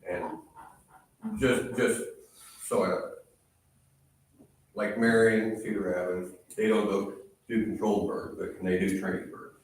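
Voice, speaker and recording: A man asking curious, halting questions at a town council meeting. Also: lowish voice, fairly even intonation, a little hiss or hum. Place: small town council chamber. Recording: echoey room from far off.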